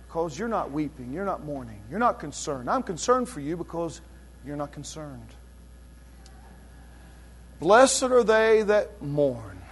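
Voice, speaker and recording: A man preaching a sermon as pastor, dropping to low, slow lines and then surging into loud, quick bursts with drawn-out emphasis.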